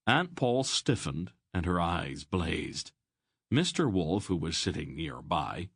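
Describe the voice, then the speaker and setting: Deep, slow male audiobook narrator. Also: creaky, slightly rough, no room sound, clean studio sound. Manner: even, measured storytelling. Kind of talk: scripted fantasy narration.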